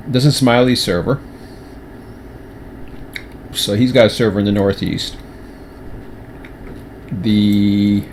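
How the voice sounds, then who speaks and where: A man's voice: on the low side, a little mellow, a little hiss or hum. A man chatting casually on a livestream, rambling with many restarts and fillers, at times with his mouth full. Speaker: streamer.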